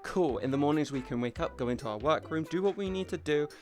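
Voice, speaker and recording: A young man with a British accent chats loosely on a live stream, his voice sitting on the higher side. He rambles from one thought to the next and swears now and then. Faint music plays behind him. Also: lively intonation, quick pace, a little mellow. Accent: British English. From Britain. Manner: rambling, chatty, swears casually. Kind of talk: casual live-stream chat.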